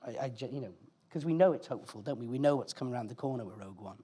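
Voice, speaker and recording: A man's voice: mid-range voice, animated, very fast, warm tone, husky. A male host asking questions with hesitant, searching phrasing.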